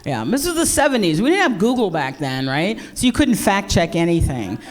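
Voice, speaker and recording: A woman's voice: mid-range voice, sing-song, a little fast. A middle-aged American woman doing live stand-up, brash and profane, mocking herself and playing to the crowd. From United States. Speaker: stand-up comedian.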